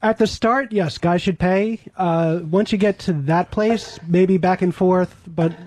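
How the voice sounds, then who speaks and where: A man's voice: high-pitched, measured pace, darkish tone. A man who is a regular on a talk radio show, answering in a hesitant, defensive way. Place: radio studio.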